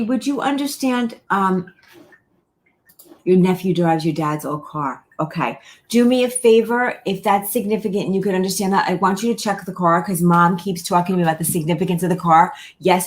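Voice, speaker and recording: Woman medium for live reading, slightly low voice, gentle and repetitive, talks straight to viewers. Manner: repeats phrases, addresses viewers by name, gentle reassurance. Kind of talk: live online reading, casual and direct.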